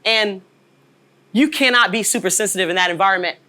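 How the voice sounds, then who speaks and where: A woman in her forties, working as a leadership trainer, gives a motivational workshop talk in a mid-range voice that is a little fast, pushed and bright. She speaks emphatically and keeps checking in with the audience by asking "right?"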